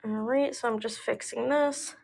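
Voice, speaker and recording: A woman in her twenties chatting casually on a live sales stream, talkative and quick to laugh at her own slips. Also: on the high side, fairly even intonation, gravelly, darkish tone, a little hiss or hum. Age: 20s. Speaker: live online seller. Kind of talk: casual live-sale chat.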